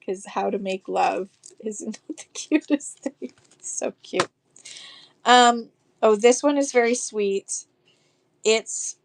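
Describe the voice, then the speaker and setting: A woman's voice: on the high side, takes it slowly, gravelly, long pauses. A woman selling vintage postcards on a live stream, gushing over each card and reading verses aloud in a chatty way. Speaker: live online auction seller.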